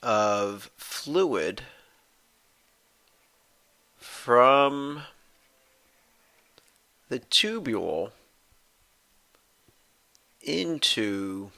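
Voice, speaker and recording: A man's voice: medium pitch, expressive, very slow, vocal fry, pauses often, bright, forceful tone. A man, a professor, giving a recorded anatomy lecture, explaining step by step and restating his points with many fillers.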